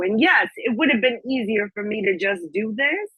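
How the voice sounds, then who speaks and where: A woman with a bright, forceful voice talks emphatically as a podcast guest, jumping in to correct details or back up the host. Her sound is dry and close, with no room behind it. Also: medium pitch, lively intonation, husky, no echo, poor audio. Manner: emphatic, quick to agree and jump in. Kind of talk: casual conversation.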